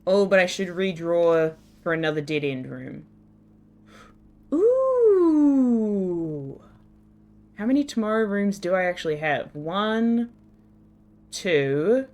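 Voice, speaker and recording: Her voice is fairly low, clear and resonant, a little slow as this young New Zealander giggles and talks with her chat during a game stream. Now and then her New Zealand accent takes on American-sounding R's.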